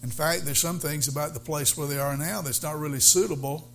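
A male pastor preaching a sermon, halting with fillers, then building to fervent emphasis. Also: a little high, fairly even intonation, vocal fry, a bit bright, slight background noise.

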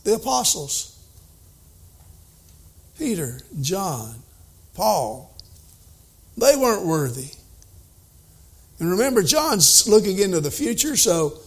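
Male preacher, slow delivery, high-ish voice, emphatic then hushed scripture reading. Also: animated. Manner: reads scripture aloud in old wording, then explains it plainly; voice rises and falls widely, at times emphatic, at times hushed. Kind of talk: sermon.

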